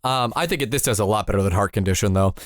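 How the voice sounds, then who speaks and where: A man's voice: on the low side, very fast, no echo, clean studio sound. A man co-hosting a podcast, recapping a film in casual chat with wry, analytical asides. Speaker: podcast co-host.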